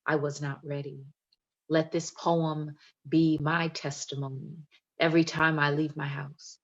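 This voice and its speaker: Woman poet, low voice, emphatic, playful, muffled video call sound. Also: level tone, unhurried. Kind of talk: poetry reading and chat.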